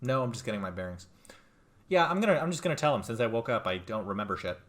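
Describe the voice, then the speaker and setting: A man's voice: mid-range voice, animated, quick pace, a bit bright. A man casually commenting while playing a video game, joking at his own expense. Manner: casual, self-mocking. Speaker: let's play host. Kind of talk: gameplay commentary.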